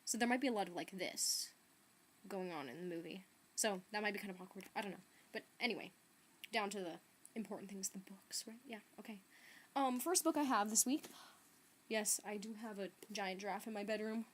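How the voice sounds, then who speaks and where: A woman's voice: mid-range voice, brisk, low-quality recording. A teenage girl chatting in her bedroom about books, full of "like" and "um", recorded on a laptop webcam. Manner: chatty, filler-heavy, lots of "like" and "um". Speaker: book vlogger. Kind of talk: casual vlog chat. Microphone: laptop webcam mic.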